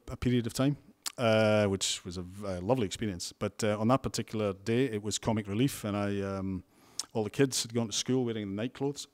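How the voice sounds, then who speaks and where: A Scottish man with a somewhat low voice talks through interview answers in a loose, chatty way. He restarts his sentences often and drops in wry asides, in the manner of a seasoned news presenter. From Scotland. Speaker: television news presenter and reporter.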